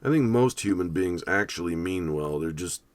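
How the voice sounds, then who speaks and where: A man's voice: sits low, animated, moderate pace. A man talking casually over a film, rambling with wry, sarcastic asides. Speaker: movie commentator. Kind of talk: casual running movie commentary.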